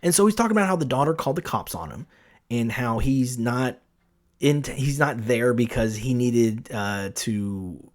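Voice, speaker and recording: A man at a mid pitch hosts a solo podcast, spinning a casual story. He rambles, restarts his sentences and leans on filler words as he goes. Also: normal speed. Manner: rambling, full of "like" and "you know", many restarts, animated. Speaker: podcast host.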